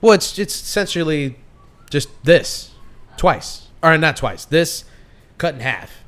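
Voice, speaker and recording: A man's voice: fairly high pitch, expressive, takes it slowly, a bit bright. A man co-hosting a podcast, a few beers in, rambling in casual chat with many restarts and frequent laughter. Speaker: podcast co-host.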